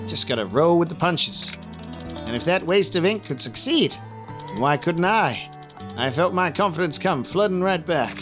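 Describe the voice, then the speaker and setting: A man's voice: fairly high pitch, animated, normal speed, music in the background, pitched above the performer's own voice, close to an everyday voice. A man voicing a down-on-his-luck middle-aged man in a video game who has found his confidence again, talking in a folksy way. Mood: grateful.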